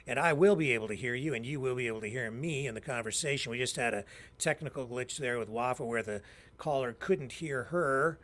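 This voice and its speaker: A man's voice: mid-range voice, brisk. Chatty man hosting a call-in show. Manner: relaxed, chatty, reads out phone number. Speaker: talk show host.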